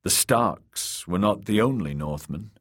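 A man's voice: sits low, lively intonation, measured pace. A man reading an audiobook, voicing a confident young woman warrior who teases her uncle. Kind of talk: audiobook character voice.

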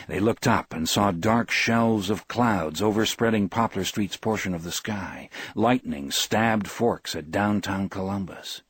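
A man with a husky voice narrating a novel in a measured, expressive reading, recorded on a close studio mic. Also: fairly low pitch, no room sound. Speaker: audiobook narrator. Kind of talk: scripted narration.

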